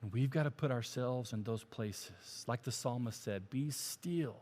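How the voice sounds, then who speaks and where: A man's voice: medium pitch, normal speed, darkish tone. A male pastor giving a sermon, climbing to emphatic peaks and dropping to near whispers.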